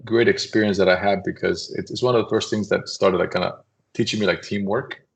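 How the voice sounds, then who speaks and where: A man, a company CEO, telling anecdotes in a casual, animated podcast conversation and acting out voices as he goes. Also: lowish voice, fairly quick, gravelly. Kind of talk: casual storytelling.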